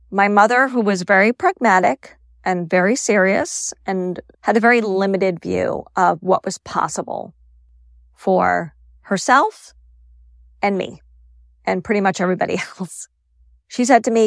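Gravelly-voiced woman telling a personal story. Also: medium pitch, moderate pace, no echo, clean studio sound. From Staten Island, New York. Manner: candid, conversational, wry asides. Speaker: podcast host.

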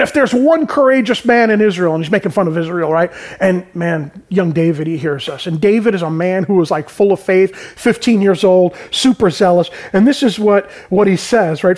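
In an informal, conversational sermon, a high-pitched preacher retells scripture in plain, everyday language. He keeps checking in with listeners, sprinkling his speech with "right?" and "man."

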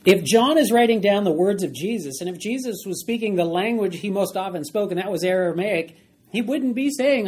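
A man teaching a Bible study lesson, animated and emphatic, repeating key phrases as he explains. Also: sits high, brisk, husky.

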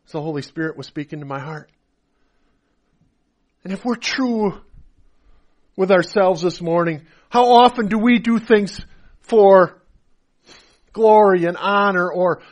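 A pastor delivering a sermon, his voice sitting a little higher than most men's. He swings between booming emphasis and soft, confessional asides, acting out the people he quotes along the way. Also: measured pace, long pauses.

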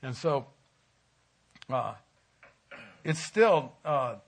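A man's voice: medium pitch, big pitch swings, extremely slow. A middle-aged man giving an informal, conversational sermon at a church, folksy and chuckling at times as he tells stories. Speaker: church speaker.

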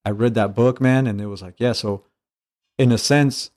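A man who is a catching coach and trainer, chatting casually on a podcast and telling stories with lively acted-out dialogue and easy swearing. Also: mid-range voice, normal speed. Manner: animated storyteller, acts out dialogue, swears casually.

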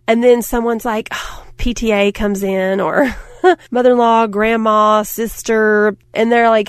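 A middle-aged woman speaking in a somewhat high voice, giving a lively motivational talk. She acts out little quotes and laughs often as she tells her stories. The sound is dry and close. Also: measured pace, no room sound.

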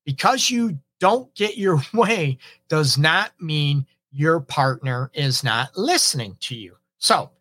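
Speaking slowly with lively intonation and a fairly high, fairly bright voice, a middle-aged relationship counselor hosts a casual advice monologue with no room sound. He talks conversationally, checks in frequently with "right?", and acts out sample phrases.

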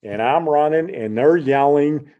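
A man's voice: on the high side, unhurried, narrow, tinny audio. A middle-aged man from Chicago telling a personal story in a casual way, acting out the voices of the people in it. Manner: animated, acts out the voices in his story.

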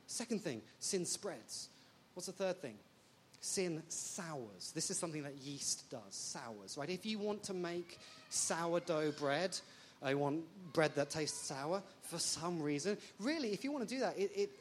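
A woman from England, preaching a sermon in an animated, jokey way full of rhetorical questions. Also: lowish voice, moderate pace, slight background noise.

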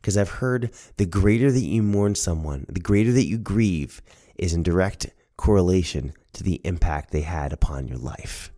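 A man's voice: deep voice, moderate pace, soft background music. A man earnestly telling a personal family memory, acting out the voices of relatives. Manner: earnest, animated, acts out voices. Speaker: storyteller. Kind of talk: personal storytelling podcast.

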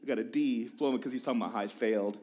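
A man's voice: medium pitch, very fast, a little mellow, slight background noise. A man in his thirties who is lead pastor, preaching in a church with casual, self-deprecating jokes and tangents. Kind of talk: sermon with casual storytelling. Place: church sanctuary.

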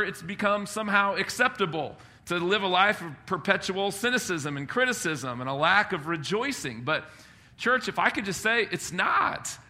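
A man preaching to his congregation, emphatic and lively, with humorous asides. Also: sits high. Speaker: pastor. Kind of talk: sermon.

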